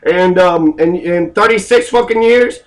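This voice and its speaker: A man gives a political history talk as an angry, ranting lecture packed with heavy cursing, rhetorical questions, and hesitant fillers. His voice is high-pitched and his pace measured, in a low-quality recording.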